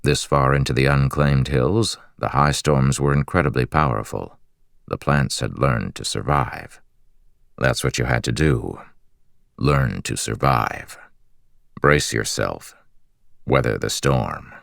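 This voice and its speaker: Very deep, gravelly male narrator. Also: no echo, clean studio sound. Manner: measured, steady storytelling. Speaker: audiobook narrator. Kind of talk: scripted fantasy narration.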